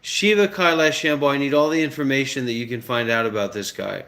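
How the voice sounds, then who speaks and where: A man's voice: medium pitch, brisk, fairly bright tone. A man in casual banter with a voice assistant, pushy and crude, repeating his demands and coaxing. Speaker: host.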